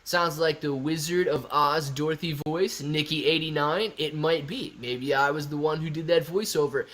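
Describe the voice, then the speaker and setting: A man's voice: fairly high pitch, moderate pace, a bit bright. Casual man answering livestream chat. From Ohio. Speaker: stock livestream host.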